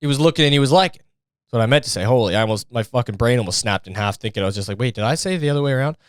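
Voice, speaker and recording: Talking very fast in a lowish voice on a dry recording, a young man hosts a podcast. He spins rambling, foul-mouthed, jokey stories and mimics people for comic effect.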